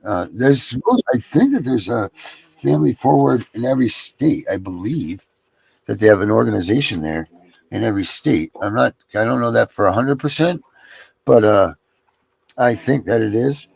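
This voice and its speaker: A man's voice: mid-range voice, normal speed, creaky, darkish tone, husky, no room sound. A man hosting a casual livestream chat, talking in a rambling way with many fillers. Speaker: show host.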